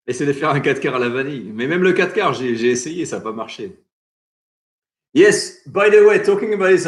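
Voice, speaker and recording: Chatty French-accented man on a live stream. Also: medium pitch. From France. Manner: chatty, reads viewer comments aloud and answers them. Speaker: cooking channel host. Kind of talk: casual live stream chat.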